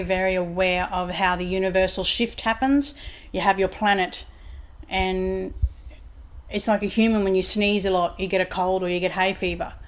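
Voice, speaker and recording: A woman speaks at a middling pitch in a lounge room at home. She tells her story in a loose, rambling way and keeps quoting what others told her, like a guest chatting casually on an interview show. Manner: rambling, retells conversations with "he said" quotes. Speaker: psychic medium guest.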